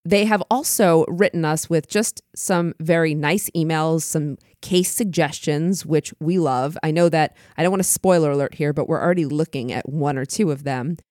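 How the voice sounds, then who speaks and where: Woman co-host who teaches criminology, upbeat casual chat, slightly low pitch, dry studio sound. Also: normal speed, hardly any pauses, a little mellow, no room sound. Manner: enthusiastic, grateful.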